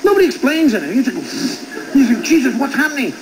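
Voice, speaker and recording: A man in his fifties delivers a wry stand-up monologue, his fairly high voice leaping up and down as he acts out both sides of each exchange. The sound comes from an old television broadcast with a clear layer of noise underneath. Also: very animated, fast. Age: 50s. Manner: wry storytelling, acting out both sides of dialogues. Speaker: stand-up comedian.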